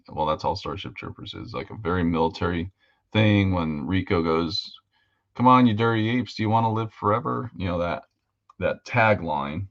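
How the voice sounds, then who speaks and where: A man's voice: deep voice, muffled recording. A man hosting a live hobby show, chatting casually and rambling as he paints models. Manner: rambling and easygoing, with fillers. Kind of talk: casual livestream chat while painting models.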